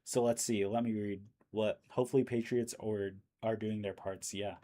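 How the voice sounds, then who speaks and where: Hoarse man rambling through live news. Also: on the low side, steady tone, moderate pace, dark tone, slight background noise. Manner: rambling, thinking aloud with fillers. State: losing his voice. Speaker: livestream news host. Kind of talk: casual live commentary.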